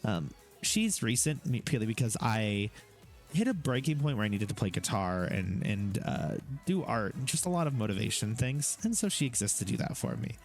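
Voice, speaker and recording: A man at a home streaming setup, talking through his channel in a loose, rambling way. His pitch moves around a lot as he goes, and his speech is full of fillers and wry asides. Soft background music sits behind him. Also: sing-song, normal speed. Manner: chatty, rambling with fillers and self-deprecating asides. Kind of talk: casual talking-head explainer.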